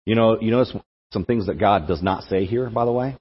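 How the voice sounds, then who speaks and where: A man's voice: lowish voice, brisk, husky. A young man giving a conversational sermon to a campus group, repeating words as he thinks aloud. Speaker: campus ministry speaker. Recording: echoey hall, dull lo-fi sound.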